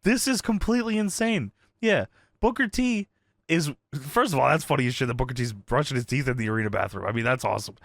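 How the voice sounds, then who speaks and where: A young man co-hosting a podcast, recapping in casual, excitable chat with frequent swearing. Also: mid-range voice, fast talker, vocal fry, no room sound, studio quality. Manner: excitable, swears and laughs often. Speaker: podcast co-host.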